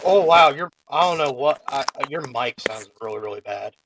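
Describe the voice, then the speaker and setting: A man hosts a casual wrestling podcast, laughing, teasing his co-hosts, and running the segments as he moves through the matches. His medium-pitched voice has lively intonation at a moderate pace, with background noise.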